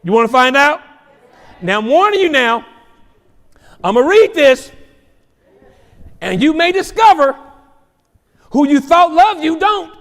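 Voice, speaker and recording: A male pastor preaching a sermon to his congregation, repeating phrases, shouting out points and joking with the crowd. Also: very high-pitched, lively intonation, measured pace, pauses often, long reverb tail. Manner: preaching with shouts, repetitions and humor. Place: church sanctuary.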